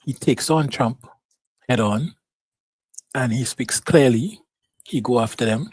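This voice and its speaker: A man on a live news panel, arguing the opposing view in a measured way. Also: mid-range voice, a little mellow, slightly rough, no room sound. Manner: measured, argues the other side. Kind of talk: live podcast panel discussion.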